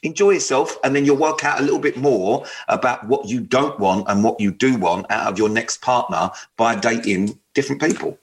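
A man's voice: medium pitch, moderate pace, few pauses. A man co-hosts a radio dating show in loose, casual banter. He swears freely and gives advice with easy-going humour. His voice sits in a middle register. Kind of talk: casual chat.

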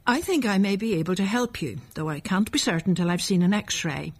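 A calm, kindly middle-aged doctor, firm and reassuring, as a woman reads him aloud. The voice is soft and breathy, in the manner of a storybook read-aloud. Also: medium pitch, a little fast.

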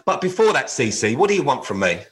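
A man's voice: medium pitch, very animated, brisk, fairly bright tone, slight background noise. A man, co-hosting a podcast with cheeky, sweary banter. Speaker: podcast co-host. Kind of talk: casual chat.

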